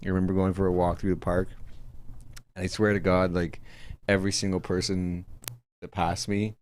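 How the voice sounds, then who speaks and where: A man co-hosting a podcast, chatting in a relaxed, agreeable way. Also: sits low, moderate pace, slight background noise. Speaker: podcast co-host. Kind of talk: casual chat.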